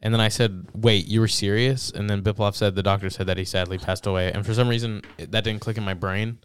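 A young man co-hosting a casual podcast, retelling a story and reading out text messages with halting restarts. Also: on the low side, steady tone, clear, resonant tone, no room sound. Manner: reads out texts, retells events with halting restarts. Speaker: podcast co-host. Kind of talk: casual chat.

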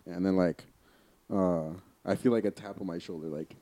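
A man's voice: low voice, fairly even intonation, normal speed, dark tone, no echo. A young man telling a ghost story in casual chat, rambling with many fillers and swearing as he goes. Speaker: podcast co-host.

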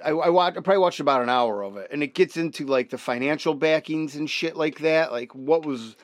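A man co-hosting a podcast, high and trading sarcastic, profane remarks in casual banter. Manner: sarcastic, profane, quick retorts. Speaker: podcast co-host.

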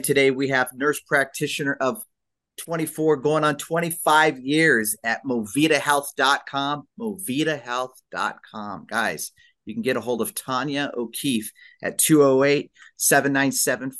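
A man's voice: medium pitch, a bit bright. Upbeat man hosting a show. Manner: upbeat, enthusiastic, jokey. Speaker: radio show host. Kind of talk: energetic podcast interview.

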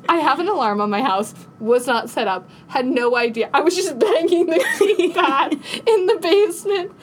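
A woman co-hosting a podcast, telling a story in casual chat, animated and laughing, acting out quotes in a high panicked voice. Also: moderate pace. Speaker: podcast co-host.

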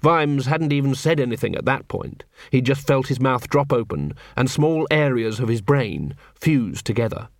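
A man narrating an audiobook in a wry, expressive storytelling manner. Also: mid-range voice, moderate pace, hardly any pauses, no room sound, clean studio sound. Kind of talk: scripted narration.

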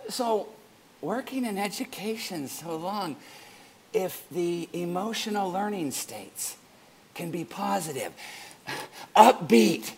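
A man's voice: high-pitched, gravelly, a little mellow, a little hiss or hum. A middle-aged man preaching a sermon as pastor, playful and joking between points.

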